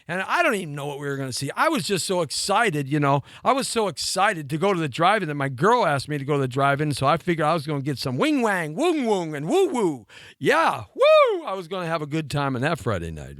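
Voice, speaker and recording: A talk show host in his fifties rambles through a personal story with animated, laughing asides. His voice sits fairly high and swoops widely across phrases. The sound is close and dry. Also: quick pace, few pauses, no echo. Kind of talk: storytelling monologue.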